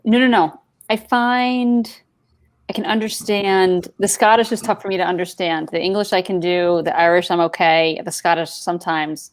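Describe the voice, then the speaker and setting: An easygoing woman comedian chats with the host. Her voice sits low for a woman. She speaks plainly. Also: steady tone, normal speed. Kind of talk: casual chat.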